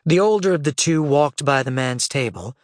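A man narrates an audiobook from a script, his medium-pitched voice measured and even as he tells the story. The recording is studio quality with no room sound.

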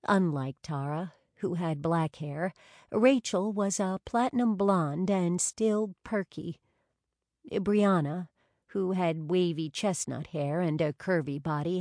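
A woman reading a story aloud in a measured, wry storytelling manner. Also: lowish voice, a little mellow, no room sound, clean studio sound. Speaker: audiobook narrator. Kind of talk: scripted narration.

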